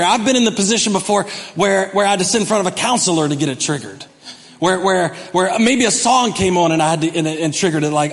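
A man preaching a sermon, acting out the story and swinging from quiet asides to shouted lines. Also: on the high side, expressive, normal speed, big-room sound. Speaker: pastor.

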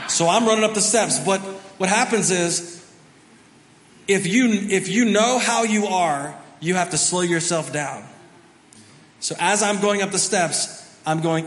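A man, the pastor, telling a family story during a sermon, animated and self-mocking. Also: high-pitched, measured pace. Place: large church auditorium. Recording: reverberant hall, faint background noise.

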